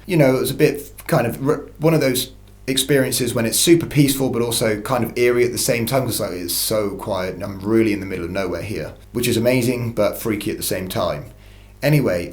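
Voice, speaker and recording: A man's voice: fairly low pitch, roomy sound. A man telling a first-person story in a casual, rambling way, full of restarts and swearing. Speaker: channel host telling an encounter story.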